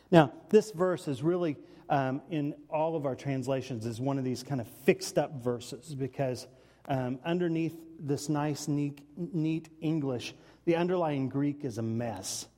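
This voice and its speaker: High-voiced pastor preaching in a hall. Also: male voice, dark tone. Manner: conversational, halting with restarts and sighs. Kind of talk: sermon.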